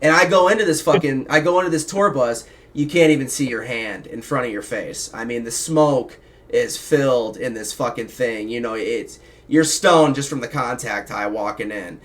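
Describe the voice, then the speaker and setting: A man's voice: medium pitch, moderate pace, fairly bright tone. A man hosting a casual music talk show, telling a rambling, profane story with lots of energy.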